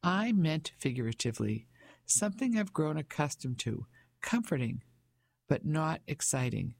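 Man doing a pompous 50-something businessman, blustery and talking down, gravelly, dry close mic. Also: on the high side, expressive, normal speed, no room sound. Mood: patronizing. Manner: blustering, patronizing. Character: pompous fifty-five-year-old English businessman husband. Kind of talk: audiobook character voice.

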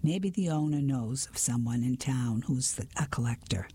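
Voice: medium pitch, normal speed, dark tone, breathy edge, dry recording. A reader voicing a supportive young man in a whispered role-play storybook reading. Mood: encouraging.

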